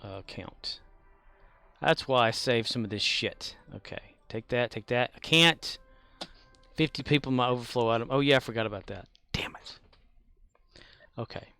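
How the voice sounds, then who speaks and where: A man's voice: mid-range voice, normal speed, pauses often, bright, forceful tone, clean tone, no room sound, soft background music. A man casually chatting on a live game stream, muttering to himself and humming along.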